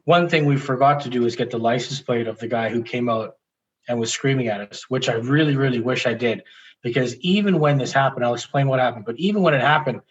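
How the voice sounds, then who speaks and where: A man being interviewed, telling a personal story in a candid, animated way, often restarting sentences and laughing as he talks. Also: medium pitch, muffled recording. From Canada. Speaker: interview guest.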